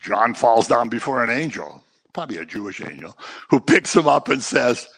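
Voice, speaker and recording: A man preaching a sermon, swinging between loud emphasis and quiet asides. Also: medium pitch, sing-song, normal speed, creaky, breathy edge.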